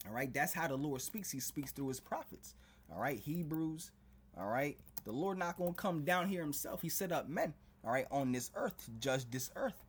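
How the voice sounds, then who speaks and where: A man's voice: on the high side, expressive, moderate pace, breathy edge. A man preaching to a video audience, fervent and warning, who keeps adding "all right?" and "man" between his phrases. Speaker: street preacher.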